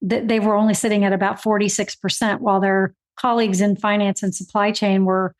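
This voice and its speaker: A woman's voice: medium pitch, little pitch movement, brisk. A woman hosting a podcast interview, responding to her guest in an affirming, reflective way. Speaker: podcast host. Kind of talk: interview conversation.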